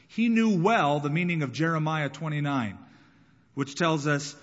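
A man delivers an animated sermon with a slightly high voice, acting out the voices of the people in the story. The sound is dull and muffled, and his voice rings out with a long hall reverb. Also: a little slow. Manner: dramatic, acting out voices in the scripture. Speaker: pastor.

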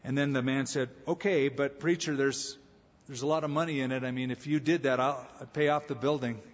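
Storytelling preacher in an echoey church. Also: male voice, mid-range voice, steady tone, brisk. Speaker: pastor. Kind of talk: sermon. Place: church sanctuary. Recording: echoey hall, slightly dull sound.

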